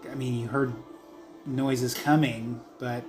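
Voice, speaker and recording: A man running a tabletop game as game master, narrating the scene and answering players with a relaxed, hesitant manner. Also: medium pitch, slow, music in the background. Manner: easygoing, hesitant with ums.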